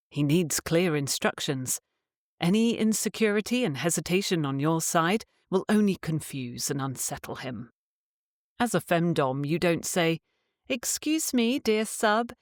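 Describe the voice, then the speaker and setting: Low-pitched woman calmly reading an audiobook guide, dry close sound. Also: dry recording. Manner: calm, measured instructive reading. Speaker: audiobook narrator. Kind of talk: scripted audiobook narration.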